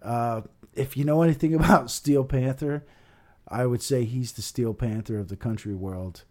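A man co-hosts a podcast in a loose, rambling style, his casual chat packed with fillers and swearing. His voice is warm and medium-pitched, at a moderate pace.

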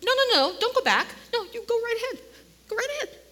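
A woman's voice: extremely high pitch, big pitch swings, fast talker, sharp tone, voice pushed up, heavily acted. A woman voicing a stern male angel who speaks with commanding emphasis. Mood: sarcastic. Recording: long hall reverb.

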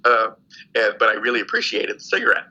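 An older man with a low, husky, very bright voice tells his story in a relaxed interview. He talks in an animated way and often breaks into laughter. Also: fast, highs cut off. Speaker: guest, former prisoner of war.

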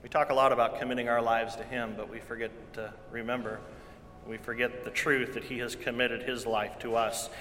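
Pastor in a long-echoing hall. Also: male voice, medium pitch, little pitch movement, brisk, slight background noise. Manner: earnest preaching with repeated phrases, swings from loud to hushed. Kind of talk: sermon.

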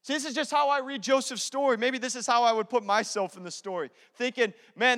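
High-voiced pastor in an echoing hall. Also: male voice, fairly quick, few pauses. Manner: energetic, conversational, repeats phrases. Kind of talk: sermon. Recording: long hall reverb.

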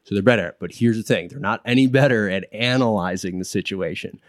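Lowish in pitch and fairly quick, this male speaker is captured in a clean studio recording with no room sound. As an instructor in behavior analysis training, he explains things in casual interview talk, animatedly acting out quotes with many restarts.

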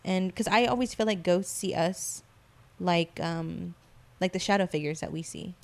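A woman telling stories in a relaxed, casual chat. Her voice sits a little low, and she talks in a slangy, lively way. She often slips into the voices of the people she quotes. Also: normal speed, gravelly.

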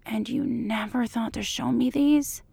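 A woman reading the part of an eager middle-aged man, speaking in a soft, breathy half-whisper in a fan fiction audiobook. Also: fairly high pitch, steady tone, unhurried, no room sound, pitched above the performer's own voice, full character voice. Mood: hushed, eager.

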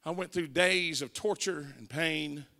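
Gravelly Southern evangelist in a big hall. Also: male voice, fairly high pitch, unhurried, bright, forceful tone. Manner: dramatic storytelling, acting out quoted voices. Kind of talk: testimony sermon. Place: church sanctuary. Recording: reverberant church hall.

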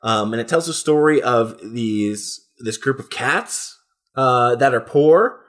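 A man talking loosely in casual chat, with a mid-pitched voice. He rambles, curses freely and drops into goofy impressions now and then. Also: animated, takes it slowly, a bit bright. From New Jersey area, US. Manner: rambling, profane, breaks into silly put-on voices. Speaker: podcast co-host.

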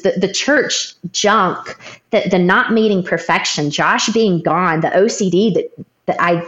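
A woman's voice: fairly low pitch, roomy sound, lo-fi sound. A young adult woman sharing an earnest personal story in candid, emotional storytelling with frequent restarts. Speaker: guest sharing her testimony.

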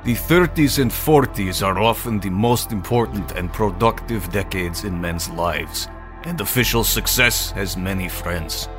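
A man voicing a grave Russian historian, reading slowly and formally in a put-on Russian accent. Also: on the low side.

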